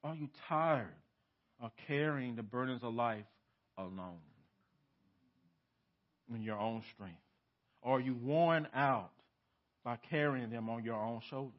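A man's voice: medium pitch, slow, pauses often. Emphatic male pastor preaching, lo-fi audio. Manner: emphatic, swings from loud to hushed, rhetorical questions. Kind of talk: sermon. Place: church sanctuary. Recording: dull lo-fi sermon recording.

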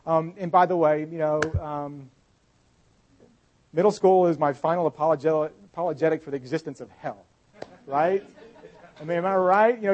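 Male pastor, middle-aged, somewhat high voice; easygoing, anecdotal delivery full of fillers. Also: a little mellow. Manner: conversational, anecdotal, with many fillers. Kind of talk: sermon.

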